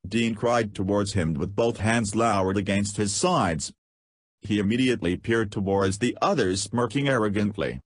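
A man narrating an audiobook in a low, husky voice. His reading is steady, and the recording is dry and close with no room sound. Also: normal speed, no echo. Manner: reads dialogue aloud with profanity.

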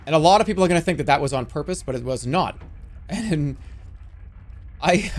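A man's voice: on the high side, lively intonation, fairly quick, long pauses, slight background noise. A man streaming a game, talking casually to chat, exasperated and swearing, often bursting into laughter.

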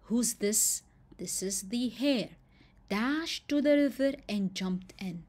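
A woman's voice: on the high side, lively intonation, slow pace, a little mellow. A woman teacher tells a fable to her class, stopping to ask questions and stress key words. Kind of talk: storytelling lesson.

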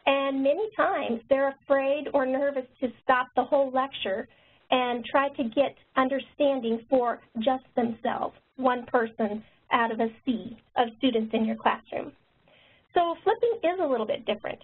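A woman nurse educator and author who talks quickly, presenting a webinar. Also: sits high, slightly rough. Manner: fast-talking. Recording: tinny phone-line webinar audio.

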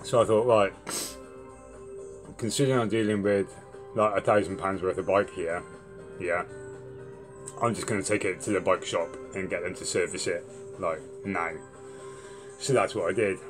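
A young man with a low voice tells a long, rambling story, swearing freely as he goes. Faint music sits quietly under his voice. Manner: swears a lot, rambling and animated when retelling. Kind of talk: casual storytelling monologue.

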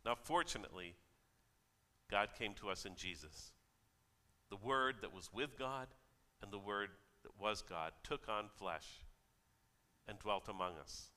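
A man's voice: on the low side, animated, unhurried, pauses often, pushed and bright. A man preaching a sermon as pastor, conversational and telling stories with quoted voices. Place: church. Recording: church hall reverb.

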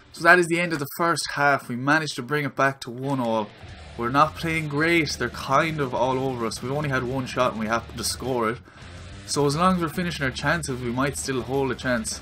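Excitable Irish man commentating a football game. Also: mid-range voice. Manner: excitable, yells at the screen during attacks. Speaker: gaming video creator.

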